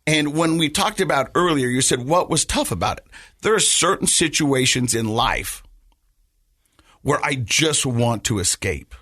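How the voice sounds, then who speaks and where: A man with a husky, slightly rough voice tells a personal story in a relaxed podcast chat. He speaks haltingly and keeps repeating small words as he searches for the next thought. The sound is close and dry, with almost no room around it. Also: medium pitch, dry recording. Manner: halting, repeats words while telling, laughs through lighter moments. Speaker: podcast host.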